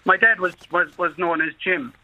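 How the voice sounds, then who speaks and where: A man's voice: high voice, moderate pace, bright, forceful tone. A man with a Kerry Irish accent, calling in to a radio show and chatting enthusiastically at length. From Ireland, Kerry. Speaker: radio caller. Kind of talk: casual phone-in chat. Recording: dull lo-fi radio phone-in.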